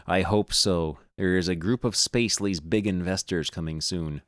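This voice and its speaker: A man's voice: low-pitched, moderate pace, no echo, clean studio sound, pitched below the performer's own voice, natural voice. Man reading as a fretting, polite alien hotel host. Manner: worried, polite, flustered.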